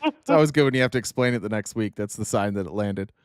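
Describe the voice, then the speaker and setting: A man's voice: fairly low pitch, fast talker, dry recording, studio quality. A man hosting a live stream, chatting casually with callers in a laid-back way and laughing easily. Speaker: stream host taking callers. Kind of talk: casual chat.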